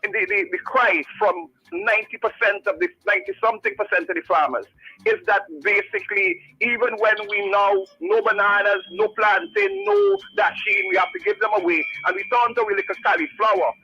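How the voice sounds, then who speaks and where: Man, high bright voice, impassioned radio caller, muffled dry phone line. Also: fairly quick, husky, no room sound, faint music behind. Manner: impassioned, repetitive, preachy. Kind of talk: passionate call-in radio rant. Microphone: phone call.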